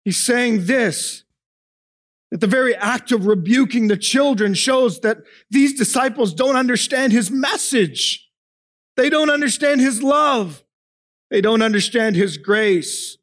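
Pastor, male, high voice, emphatic sermon delivery that swings from raised to hushed. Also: measured pace. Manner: asks the congregation questions.

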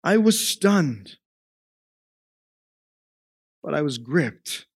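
A man preaching a sermon, moving from quiet storytelling into an impassioned climax. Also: a little high, very animated, very slow, husky, no room sound, studio quality. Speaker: pastor.

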